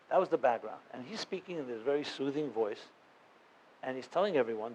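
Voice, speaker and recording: A man's voice: mid-range voice, quick pace, a little mellow, slight background noise, low-quality recording. A man, a rabbi, telling a story to a live audience in an earnest, conversational way, with many fillers and restarts. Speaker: rabbi and guest speaker.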